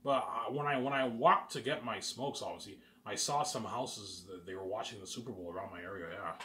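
Fairly quick and a bit bright, his lowish voice runs through a casual vlog aimed at his viewers. The young Canadian keeps restarting phrases and repeating himself, boastfully dreaming aloud about his plans.

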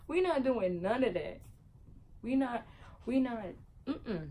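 A young woman vlogger telling a story in casual slang, her voice swinging loud and high as she laughs and mimics people. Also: animated, slow pace, poor audio.

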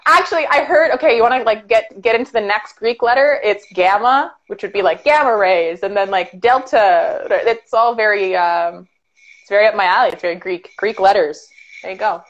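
A woman's voice: mid-range voice, normal speed, lo-fi sound. A woman in her late twenties, a guest trading playful jokes in casual chat over a video call. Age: late 20s. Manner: playful, jokey.

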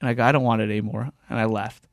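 Racing along in a lowish voice, this podcast host tells stories with animation during a casual chat, acting out the voices and quotes of the people in them. The recording is studio quality with no echo, made in a podcast studio.

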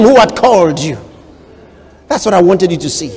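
A man preaching a sermon as pastor, swinging between hushed storytelling and loud proclamations and acting out quoted voices. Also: high-pitched, sing-song, slow pace, long pauses, husky, long reverb tail.

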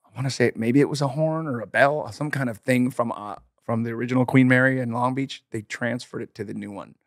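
A man co-hosting a casual podcast, relaxed, chiming in with facts and explanations. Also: medium pitch, brisk, dry recording, studio quality. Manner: informative, relaxed, chimes in with facts. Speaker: podcast co-host. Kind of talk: casual chat.

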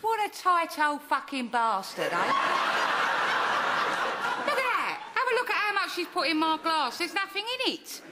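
A woman's voice: very high voice, very animated, normal speed, heavy background noise. An actress playing a cheerful middle-aged mum who swears behind her mother's back. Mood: indignant. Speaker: nan's daughter, a mum.

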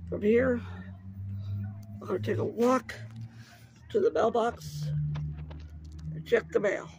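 A man with a high, gravelly voice rambles to his viewers in a casual walking vlog. He is outdoors on a neighborhood street, filmed on a handheld phone. Clear background noise runs through the outdoor recording. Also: slow. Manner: rambling, chatty, talks straight to viewers. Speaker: vlogger. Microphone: phone camera held while walking.

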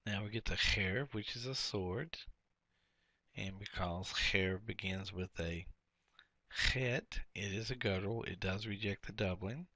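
A man's voice: lowish voice, measured pace, pushed and bright, dry recording. A man teaching a workbook lesson, explaining each step and repeating key words.

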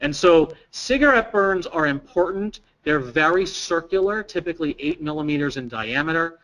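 High-voiced man leading a training. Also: expressive, normal speed, fairly bright tone, low-quality recording. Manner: engaging, questions the audience and repeats their answers. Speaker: presenter at a staff training. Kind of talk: interactive training lecture. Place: training room with a live audience.

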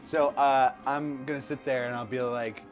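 A man playing a tabletop game, describing his character's actions in a relaxed, deliberate way. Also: medium pitch, soft background music. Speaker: player. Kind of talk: casual tabletop play.

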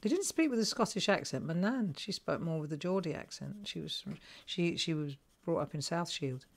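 A middle-aged woman with a low, easy voice talks viewers through a colouring project on a live craft stream. She thinks aloud, asks questions and chats while she works at her table. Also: animated, normal speed. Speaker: craft host. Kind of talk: live crafting tutorial chat.

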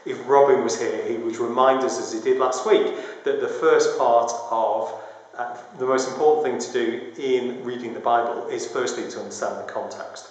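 A man preaching a sermon, measured and explanatory in his teaching. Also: mid-range voice, steady tone. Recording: very echoey hall with long reverb.

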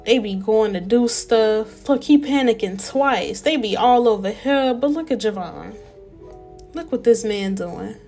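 A young woman giving casual, animated let's-play commentary and talking straight to her viewers. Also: a little high, unhurried, soft background music. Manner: chatty, animated, talks to viewers as y'all. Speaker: gameplay narrator.

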